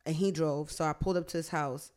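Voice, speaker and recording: A woman's voice: low-pitched, fast talker. A young woman, a podcast host in casual chat, swearing freely and acting out quotes as she tells stories. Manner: animated storytelling, profane, acts out quotes.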